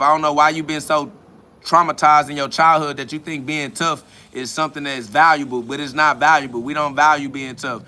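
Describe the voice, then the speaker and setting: A man with a bright, fairly high voice delivers a combative spiritual rant. He is mocking and profane, firing back at listener comments. His tone is sharp and forceful throughout. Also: steady tone, fast talker. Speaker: podcast host answering comments.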